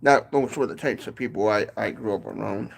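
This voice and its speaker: A man's voice: lowish voice, a little fast, creaky. A man with a Michigan accent chatting casually on a livestream from his porch, rambling and often tacking on "and stuff". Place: home porch, outdoors.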